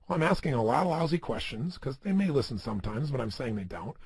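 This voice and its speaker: Husky guy doing a pumped-up motivational talk, lots of rhetorical questions, voice bouncing all over, pretty high. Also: animated, fast, hardly any pauses, no room sound. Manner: emphatic, full of rhetorical questions. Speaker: motivational speaker.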